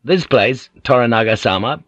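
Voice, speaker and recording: A man voicing a wary male English sailor who speaks in careful, halting broken phrases. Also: mid-range voice, fairly bright tone, dry recording, natural voice. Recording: dull lo-fi audiobook recording.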